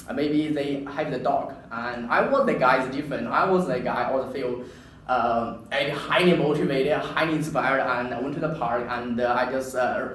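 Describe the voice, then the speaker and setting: Animated man telling a story, echoey room. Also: mid-range voice, recorded from a distance, a little hiss or hum. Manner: animated storytelling, halting and repetitive. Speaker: public speaker. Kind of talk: personal story speech.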